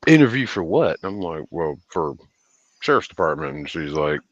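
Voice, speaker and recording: A man's voice: very deep voice, very animated, moderate pace, no room sound, muffled recording. A man hosting a livestream, telling a casual, profane, rambling story and laughing often. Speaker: livestream host.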